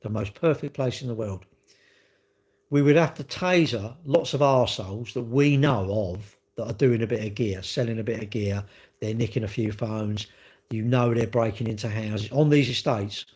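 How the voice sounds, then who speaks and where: A man rants to his viewers in a casual monologue. His voice sits at an ordinary middle pitch. He sounds exasperated and circles back over the same points. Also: a little mellow, slightly rough. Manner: ranting, exasperated, repeats himself. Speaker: vlogger.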